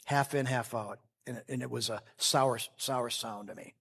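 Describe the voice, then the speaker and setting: A man preaching a sermon, swinging between loud fervent passages and quiet earnest ones, acting out the characters of a parable in their voices. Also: mid-range voice, steady tone, moderate pace, breathy edge. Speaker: pastor.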